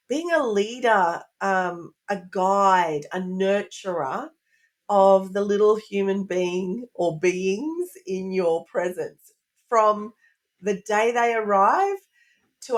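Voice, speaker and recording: A middle-aged woman, a parenting expert, answering interview questions in an earnest, explanatory way, often asking rhetorical questions. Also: mid-range voice.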